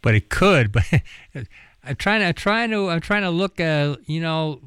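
A man's voice: on the high side, big pitch swings, normal speed, a bit bright, clean tone, no room sound, clean studio sound. A man hosting a radio interview, asking questions in a searching way with many fillers. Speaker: radio host.

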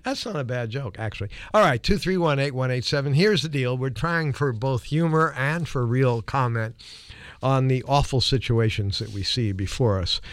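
A man's voice: medium pitch, normal speed, dry recording. A man hosting a call-in radio show who laughs easily and talks with many hesitant fillers. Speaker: radio talk show host.

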